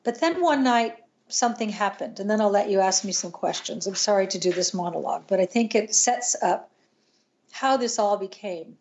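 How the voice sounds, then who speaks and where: A woman's voice: mid-range voice, expressive, a little mellow, lo-fi sound. Earnest older woman telling a story. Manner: earnest, halting, with restarts and trailing pauses. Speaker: podcast guest. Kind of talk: emotional personal storytelling.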